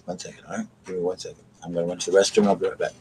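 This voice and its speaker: A man's voice: low voice, level tone, racing, very noisy. A man, rambling and chatting with viewers on a casual live stream from his bedroom. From South Carolina, USA. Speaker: vlogger. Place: home bedroom at night.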